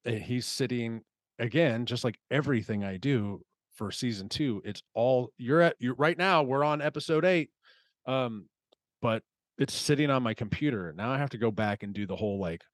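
A man's voice: medium pitch, normal speed, dry recording. A man in his thirties hosting a podcast, chatting casually, rambling and swearing freely. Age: 30s. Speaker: podcast host. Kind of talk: casual chat.

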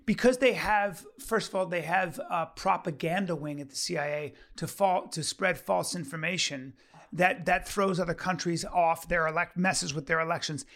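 A high-voiced man co-hosts a casual podcast debate. He counters his partner in measured terms and stammers now and then. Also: a bit bright. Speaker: podcast co-host.

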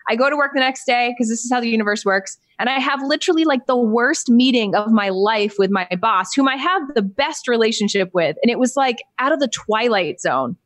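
A woman's voice: on the high side, fairly quick, hardly any pauses, dry recording. A woman guest on a podcast, a business coach telling her story in casual interview talk and acting out the people she quotes. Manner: animated storyteller, acts out quoted voices with big jumps up.

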